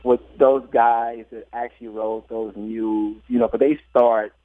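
A jockey guest in a storytelling interview recounts racing tales in a mid-range voice at a measured pace. He laughs often and acts out quotes with playful voices. The line sounds tinny and phone-like, dry and close with no echo.

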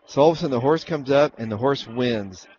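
A man's voice: mid-range voice, brisk, darkish tone, dull audio, slight background noise. A man telling rambling stories from his years training racehorses, acting out other people's lines and restarting his sentences often. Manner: rambling anecdotes with acted-out quotes and restarts. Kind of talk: casual storytelling interview.

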